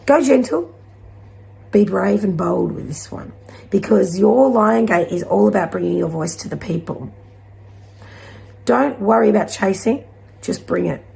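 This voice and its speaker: A woman giving a gentle, encouraging spiritual card reading to her viewers, rambling at times. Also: medium pitch, moderate pace, creaky. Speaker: intuitive card reader.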